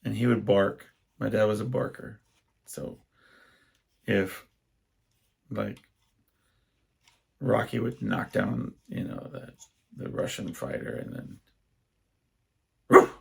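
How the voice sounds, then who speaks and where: A young adult man hosting a casual solo podcast, telling rambling stories and often stopping to restart his sentences. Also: lowish voice. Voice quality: gravelly, husky. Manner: rambling, self-interrupting storyteller. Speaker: podcast host.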